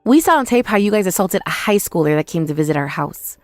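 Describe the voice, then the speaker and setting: A woman's voice: on the low side, animated, fast talker, no echo, studio quality. A young woman telling a first-person dramatized story in an indignant, accusing manner. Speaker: narrator and protagonist.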